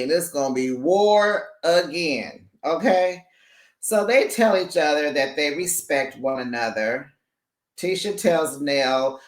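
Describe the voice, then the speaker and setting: Sassy recap host, slow easy talk, laughs a lot, calls everyone honey, echoey room. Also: medium pitch. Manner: sassy, animated, laughs often, calls listeners honey and baby. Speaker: reality show recap host. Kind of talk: casual chat recap.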